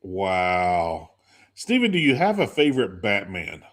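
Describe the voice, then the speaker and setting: A man's voice: sits low, wildly swooping pitch, unhurried. A man hosting a talk show in casual chat, rambling with lots of fillers and laughing often. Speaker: host.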